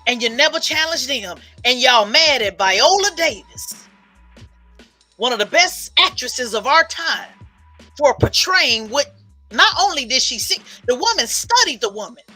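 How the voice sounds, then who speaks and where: A woman's voice: sits high, very animated, unhurried, bright, forceful tone. A woman political commentator giving an emphatic, preachy livestream monologue and repeating lines for effect. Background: faint music.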